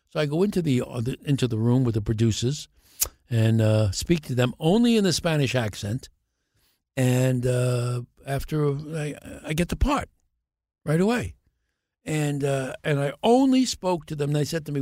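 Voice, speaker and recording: An older actor telling animated show-business stories as a podcast guest, acting out the voices of others. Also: male voice, medium pitch, normal speed, no room sound, clean studio sound. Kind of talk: anecdotal storytelling.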